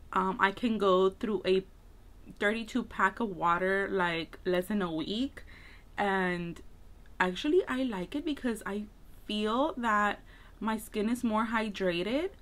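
A woman's voice: medium pitch, slow, a bit bright. Chatty woman makeup vlogger. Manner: rambling, many "like" fillers. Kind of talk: casual get-ready-with-me chat.

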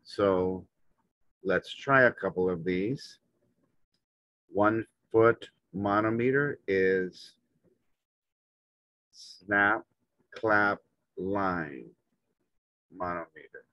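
A man teaching a lesson, walking through a chart in slow, halting, short phrases. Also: sits low, dry recording. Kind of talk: instructional walkthrough. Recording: dull, muffled lo-fi audio.

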